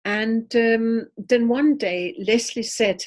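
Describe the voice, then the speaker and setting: A middle-aged woman, a medium, telling lively anecdotes in a casual interview and laughing often. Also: on the high side, takes it slowly. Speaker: medium, guest.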